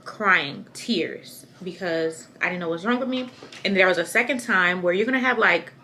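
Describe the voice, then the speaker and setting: Young woman, pregnant, bright clear voice, chatty and candid, rambling casual vlog, faint room hum. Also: on the low side, moderate pace. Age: young adult. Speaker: vlogger. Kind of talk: casual pregnancy update to camera.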